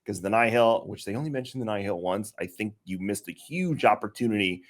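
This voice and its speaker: A man with a low voice chatting casually as a podcast co-host. He speaks at an easy, relaxed pace. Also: fairly quick. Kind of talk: casual gaming discussion.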